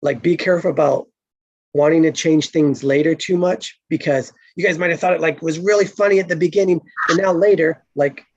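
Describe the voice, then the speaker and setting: A man's voice: on the high side, steady tone, brisk, dry recording. A man chatting casually on a video call, rambling with many fillers. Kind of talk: casual online group chat. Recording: dull dry lo-fi call audio.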